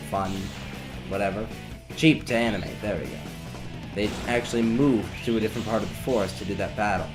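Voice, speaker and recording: A young man talks his way through a video game run, tossing off wry, sarcastic remarks as he plays. His voice sits on the low side. Game music plays clearly under him the whole time. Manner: rambling, wry, sarcastic asides. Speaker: let's play commentator. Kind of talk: casual gameplay commentary. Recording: game music playing behind.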